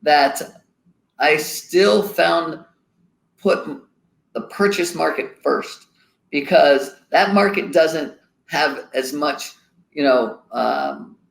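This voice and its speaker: A man's voice: fairly high pitch, extremely slow, creaky. A middle-aged man, a company founder, chatting casually as a guest and telling folksy anecdotes. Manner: folksy, tells anecdotes with quoted dialogue. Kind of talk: casual interview chat, storytelling. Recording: echoey room.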